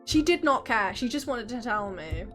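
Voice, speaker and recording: A woman's voice: on the high side, very animated, moderate pace, a bit bright, faint music behind. A woman in her early twenties chatting casually on a live stream, telling stories with frequent laughs and swearing.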